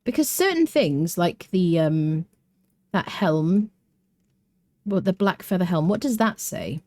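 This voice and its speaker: A woman's voice: lowish voice, expressive, slow pace, a little mellow, dry recording. A British woman with a mixed accent and a touch of Welsh, chatting casually while streaming a game, thinking aloud, humming and answering viewer chat. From Britain.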